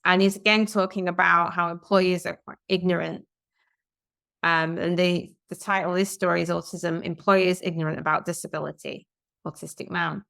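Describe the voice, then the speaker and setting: Low, gravelly woman co-host. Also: fairly even intonation, normal speed, a bit bright, dry recording, clean studio sound. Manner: chatty, reads and comments on articles. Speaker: podcast co-host. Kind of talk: casual discussion, reading out news stories.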